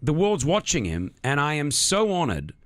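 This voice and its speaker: Brief: Australian male radio host, enthusiastic and gushing, higher voice with a lively, swinging pitch. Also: moderate pace. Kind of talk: radio studio interview. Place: radio studio.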